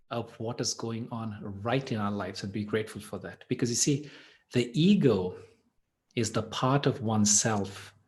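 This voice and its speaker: Gentle man telling a meditation parable. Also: medium pitch. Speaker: meditation teacher. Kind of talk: storytelling and reflective talk.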